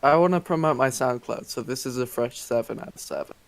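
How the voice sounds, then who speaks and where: A man's voice: mid-range voice, brisk, creaky. A young man co-hosting a casual podcast, giggly and making crude jokes. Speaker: podcast co-host. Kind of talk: casual chat.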